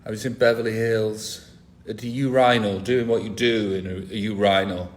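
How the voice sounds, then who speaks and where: A man's voice: lowish voice, level tone, moderate pace. A man, hosting a casual live stream, rambling and cheeky with crude jokes. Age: 40s. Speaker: livestream host.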